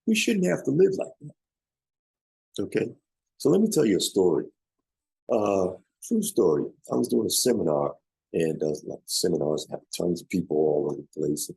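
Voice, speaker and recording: A man's voice: deep voice, big pitch swings, moderate pace, gravelly, warm tone, breathy edge, dry recording, rough recording. A man coaching on business funding, telling a story emphatically, repeating key points and checking in with listeners. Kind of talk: motivational storytelling talk.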